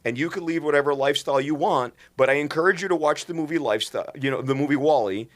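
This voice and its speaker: A man's voice: on the high side, fast. An impassioned man in middle age, speaking as a doctor on a podcast. His delivery is earnest and emphatic, and he keeps restarting his sentences mid-thought.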